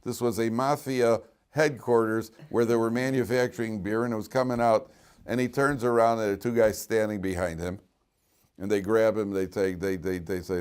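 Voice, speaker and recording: A rabbi teaches a class, telling jokey stories and repeating many words as he goes. His voice is lowish and clean in tone, and he keeps a moderate pace. The talk is lively, animated classroom storytelling.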